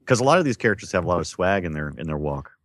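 A man's voice: low-pitched, sing-song, rapid-fire, fairly bright tone, dry recording. A man co-hosting a casual gaming podcast, teasing his co-host and breaking in with short replies.

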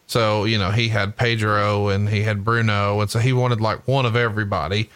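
Profane, bright-voiced man, dry sound. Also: on the low side, level tone, normal speed, smooth, no echo. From Huntsville, Alabama. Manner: profane, jokey, laughs often. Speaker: podcast co-host. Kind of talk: casual wrestling chat.

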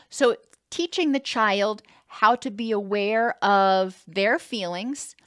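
A woman's voice: medium pitch, a bit bright, no room sound, studio quality. A woman giving an educational talk on child attachment, explaining steadily and acting out what a caregiver might say. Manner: explanatory, acts out caregiver quotes, some restarts.

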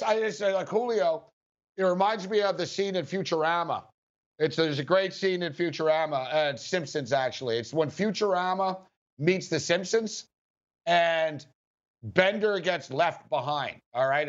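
A man's voice: a little high, lo-fi sound. A man hosting a sports betting radio show, rambling casually with frequent chuckles.

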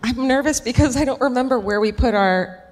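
An American woman co-hosting a live comedy podcast, animated, swearing and laughing a lot. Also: on the high side, brisk. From United States. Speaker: podcast co-host. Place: large concert hall before a live audience. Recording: live hall recording with long reverb.

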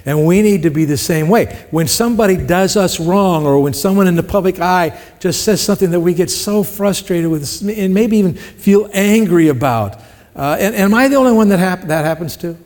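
A man's voice: high voice, animated, moderate pace, a little mellow, long reverb tail. A man preaching a sermon in a conversational way, often asking the congregation questions. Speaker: pastor.

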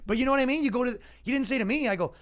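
Male comic podcast host, high-pitched, casual sarcastic rant. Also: very fast, fairly bright tone. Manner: exasperated, sarcastic, acts out quoted voices.

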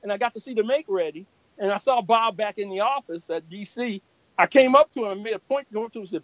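An older man, a comic artist guest, telling lively anecdotes with laughs and acted-out voices. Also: high-pitched, fast talker, no room sound. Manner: animated, laughing, acts out quoted voices. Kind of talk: anecdotal storytelling. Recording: dull lo-fi recording.

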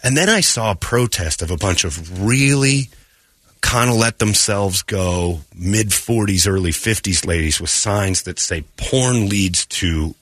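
A man's voice: on the low side, unhurried, fairly bright tone, no echo. A man hosting a morning radio show, telling stories in crude, joking, casual talk on a studio microphone.

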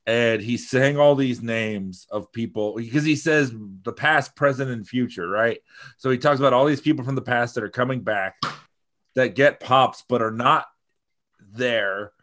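A man's voice: medium pitch, measured pace, a bit bright. Rambling, swearing podcast co-host man. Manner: rambling, profane, laughs often. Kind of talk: casual podcast chat.

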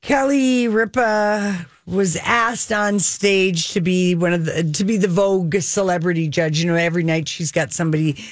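A woman co-hosting a radio show, chatting in a gossipy, animated, rambling way. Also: lowish voice, moderate pace, few pauses, dry recording, studio quality. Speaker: radio co-host. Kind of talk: casual radio chat.

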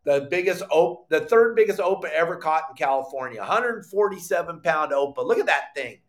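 A middle-aged man hosting a live fishing podcast, telling a story with lively acted-out quotes and bursts of shouting. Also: on the high side, a little fast. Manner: animated storyteller, acts out quotes, shouts when excited. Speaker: podcast host.

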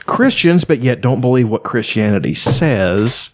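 A man's voice: mid-range voice, big pitch swings, unhurried, background noise. A man co-hosting a casual podcast, ranting heatedly and swearing often. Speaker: podcast co-host. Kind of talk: casual profane political banter.

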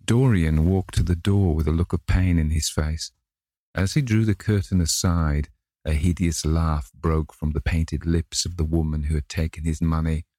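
A man narrating a classic novel in a measured way, lightly voicing the characters. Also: rumbling low, fairly even intonation, no room sound, clean studio sound. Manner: measured reading, gently voices each character. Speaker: audiobook narrator.

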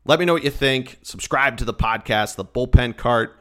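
A man's voice: mid-range voice, moderate pace, fairly bright tone. Upbeat joking man hosting a podcast. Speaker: podcast host. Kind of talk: solo sports podcast chat.

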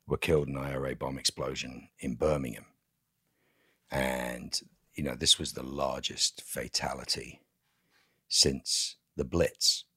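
A man, an actor guest on a podcast, telling stories in a lively, emphatic casual interview. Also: extremely low pitch, husky, dry recording, studio quality.

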